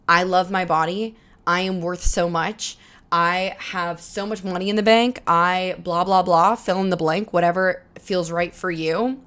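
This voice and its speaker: A young woman in her twenties hosting a solo podcast, talking earnestly and encouragingly, straight to the listener about changing your mindset. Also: on the low side. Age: 20s. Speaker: podcast host. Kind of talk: solo motivational podcast talk.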